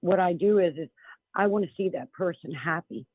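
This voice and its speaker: A woman with a fairly low, husky voice speaks at a normal pace, calling in to a radio show as a psychic medium guest. She talks bluntly and emphatically, often restarting her sentences. The phone-in interview comes through a telephone on a tinny line, with no echo.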